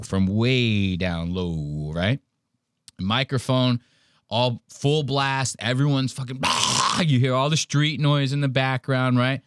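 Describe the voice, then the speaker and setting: A man's voice: mid-range voice, fairly bright tone, dry recording, clean studio sound. A man hosting a podcast, mocking a video clip in casual profane chat. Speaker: podcast host.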